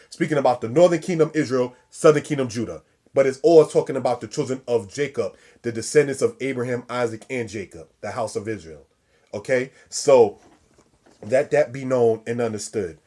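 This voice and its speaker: A man's voice: medium pitch, a little fast, warm tone. A man giving a scripture lesson, preaching style, repeating and stressing key words and calling his listeners brothers and sisters. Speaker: religious teacher.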